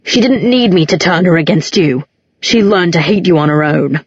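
A woman voicing a grieving, bitter grown man in an audiobook, with a low, cutting delivery. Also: moderate pace, slightly rough, no room sound. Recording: dull, muffled recording.

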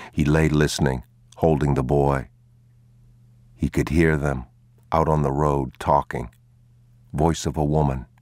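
A man reading a story aloud in a slow, grave, hushed manner. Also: extremely low pitch, no room sound. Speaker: narrator. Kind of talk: audiobook narration.

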